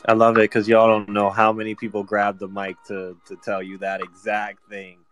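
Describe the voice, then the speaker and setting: A man's voice: on the low side, completely flat delivery, moderate pace, a bit bright, slight background noise. A man hosting a live audio chat, tired from lack of sleep, talking in a loose, chatty way. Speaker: host. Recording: music playing behind.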